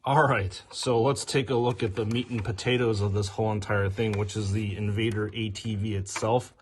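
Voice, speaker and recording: A man's voice: on the low side, fairly even intonation, normal speed, a little hiss or hum. Upbeat man hosting a toy review. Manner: upbeat, detail-focused commentary. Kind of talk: casual product review.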